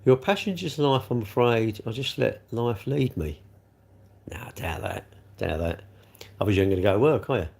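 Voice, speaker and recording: A middle-aged man hosting a casual livestream, rambling from one viewer comment to the next. His voice sits low with a gravelly, fried edge, and he keeps calling people mate. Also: expressive, normal speed, darkish tone. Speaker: livestream host.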